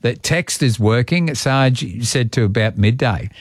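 A man's voice: medium pitch, lively intonation, a little slow, dry recording. An Australian man hosts talkback radio from a studio, bantering with callers in an easygoing, matey way. His voice sits in a middle range and sounds close and dry. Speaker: radio host. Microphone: studio microphone.

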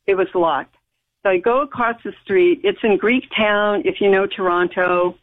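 A woman's voice: mid-range voice, fairly even intonation, moderate pace. An American woman, a guest, recounting a personal story in conversation, emphatic and rambling with frequent restarts. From United States. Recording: tinny phone-line audio.

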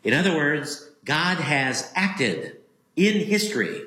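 A male Lutheran pastor delivers a sermon at an unhurried, deliberate pace. His voice is bright and forceful, and he repeats key phrases for emphasis. The recording carries a roomy echo. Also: a little high, big pitch swings.

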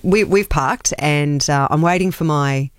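A woman's voice: sits low, unhurried, dry recording, studio quality. A woman in her thirties, co-hosting breakfast radio and telling a funny family story with lots of laughter and restarts. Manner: animated storyteller, laughs often, many restarts. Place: radio studio.

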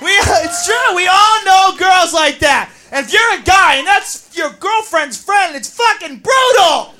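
A woman doing a stand-up comedy routine on stage, brash and profane, often shouting at the audience. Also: very high-pitched, expressive, measured pace.

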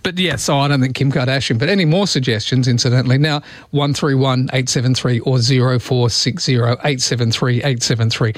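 A man hosting a radio show, bantering casually and slipping into quick celebrity impressions. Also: medium pitch, steady tone, dry recording, clean studio sound. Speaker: radio host. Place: radio studio.

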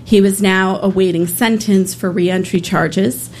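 A woman's voice: mid-range voice, steady tone, unhurried, a little mellow, a little hiss or hum. A woman who works as a public defender, telling a personal story on stage in an earnest way with a few hesitations.

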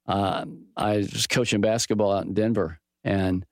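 A middle-aged man teaching from the Bible in a relaxed, folksy way, mixing scripture with a personal sports story and lively quoted dialogue. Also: lowish voice, moderate pace, no echo, clean studio sound. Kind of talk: conversational Bible teaching with stories.

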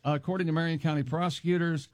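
A man hosting a casual radio talk show, his voice sitting a bit high. He reads news quickly, trips into fillers and cracks jokes along the way. The sound is close and dry, with no room. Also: fairly even intonation, no echo. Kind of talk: casual morning radio banter.

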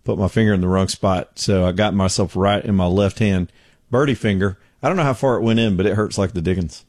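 A man's voice: sits low, a little fast, darkish tone, dry recording. A middle-aged man hosting a talk show from his home studio, telling stories in a folksy, joking way. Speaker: radio show host. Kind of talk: casual talk show chat.

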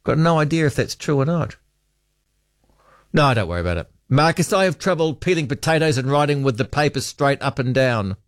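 A man hosts talkback radio, chatting casually and reading listener texts, often trailing off with hesitant ums. His voice is on the high side, expressive and brisk, with clean studio sound and no room sound.

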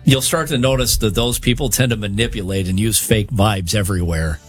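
A man's voice: lowish voice, fairly quick, soft background music. A man co-hosting a radio show, telling a story in an earnest, casual way and stumbling over his words. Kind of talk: casual on-air banter.

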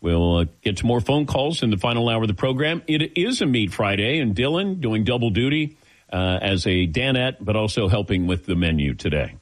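A man's voice: lowish voice, brisk. A man hosting a sports radio talk show, joking with his crew between segments. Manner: lively, joking, sets up segments.

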